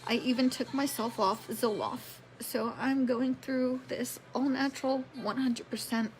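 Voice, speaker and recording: On a live stream, a woman in her forties shares her health story, chatty and emotional, calling herself a drama queen and greeting viewers by name. Her voice is high with fairly even intonation and an unhurried delivery, though the audio is poor.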